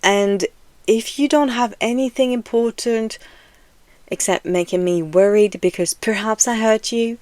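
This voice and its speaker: A woman's voice: a little high, measured pace, a little mellow. A woman vlogging in a casual, frank way, rambling and filling gaps with "you know" and laughing between phrases. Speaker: video essay vlogger. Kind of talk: casual direct-to-camera talk.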